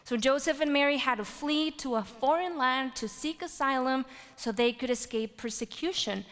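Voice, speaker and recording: Woman preacher, high voice, storytelling sermon, big swings from loud to whispered, long hall reverb. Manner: animated storytelling, rising to loud exclaims and dropping to whispers.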